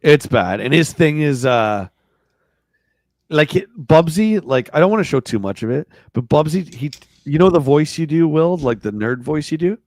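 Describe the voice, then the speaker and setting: Jokey man with a lively voice. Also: fairly high pitch, moderate pace, no room sound. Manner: jokey, reads articles aloud with sarcastic asides. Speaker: podcast co-host. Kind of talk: casual livestream chat reading a magazine.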